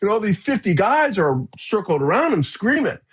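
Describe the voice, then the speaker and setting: Here a middle-aged guest on a podcast speaks in a high, breathy voice at a normal speed. He spins a story with casual energy, mimicking the shouts and leaning on "you know" and "right?".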